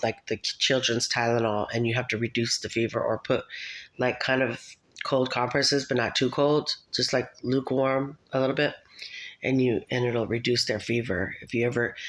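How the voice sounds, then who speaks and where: Her voice rumbles low over poor audio as this thirty-something mother rambles casually to her viewers. Her talk jumps around, and she laughs often.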